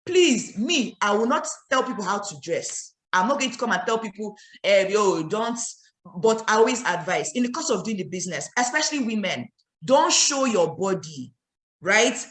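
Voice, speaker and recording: A woman's voice: medium pitch, big pitch swings, moderate pace, a bit bright, roomy sound. A woman with a Nigerian accent giving an emphatic motivational training talk as a network marketing trainer, scolding her listeners with rhetorical questions.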